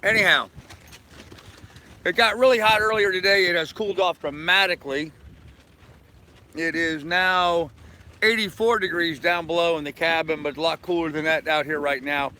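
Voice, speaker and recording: A man's voice: fairly high pitch, moderate pace, pauses often, pushed and bright. An older man chatting casually and rambling on a live stream from the deck of his sailboat, talking to viewers and his dog. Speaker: sailing vlogger.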